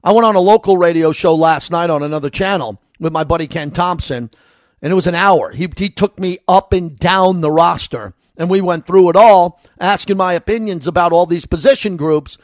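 High-voiced New York man talking sports. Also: moderate pace, dry recording. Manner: conversational, rambling analysis. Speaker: sports commentator host. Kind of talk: solo sports commentary.

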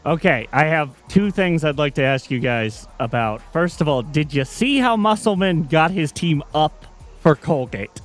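A man's voice: on the high side, expressive, normal speed, faint music behind. A man hosting a sports talk show who moves the conversation between topics with a wry tone. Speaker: sports radio show host moderating topics. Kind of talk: casual sports chat.

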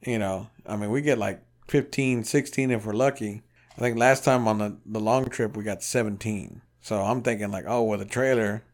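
In casual podcast chat, a man with a fairly low-pitched voice tells a rambling road-trip story at a moderate pace. He swears freely and animatedly acts out the voices of everyone involved.

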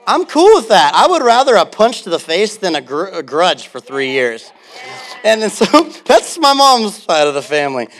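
Animated storytelling male pastor. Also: high voice, normal speed. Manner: animated storytelling with laughs and acted-out quotes. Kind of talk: sermon.

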